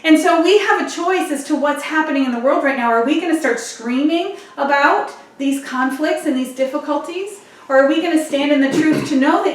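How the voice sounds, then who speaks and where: A woman's voice: high-pitched, animated. Woman minister preaching in an echoey room. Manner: earnest, measured preaching with rhetorical questions. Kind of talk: sermon. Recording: very echoey, from a distant mic.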